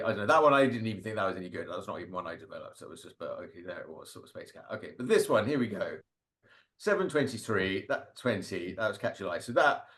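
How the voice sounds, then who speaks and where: A cartoonist appearing as a guest speaker talks casually over slides of his drawings, rambling about them. His voice sits low with a fairly bright tone, and his speech is full of fillers and little laughs.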